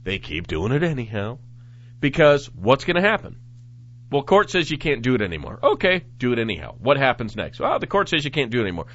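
A man hosting a talk show, reading news reports aloud and commenting on them in a sarcastic, animated way. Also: medium pitch, a little fast. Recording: dull lo-fi audio.

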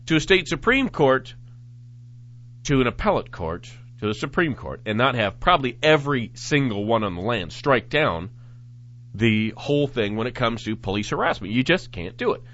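A man hosting a talk show, reading news reports aloud and commenting on them in a sarcastic, animated way. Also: medium pitch, moderate pace. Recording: dull lo-fi audio.

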